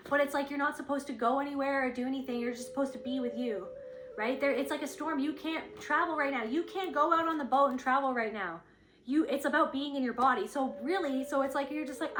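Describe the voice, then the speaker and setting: A woman with a high voice talks through a spiritual reading in a loose, rambling way, earnest and now and then swearing as she acts out inner thoughts. Her voice rings in a roomy echo, with faint ambient noise underneath. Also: a bit bright. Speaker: intuitive spiritual reader.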